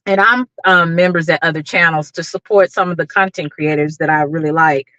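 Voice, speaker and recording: A woman's voice: low-pitched, fairly quick, a bit bright, no echo, muffled recording. A middle-aged woman hosting a casual livestream, greeting viewers by name and talking with lots of fillers. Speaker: YouTube livestream host.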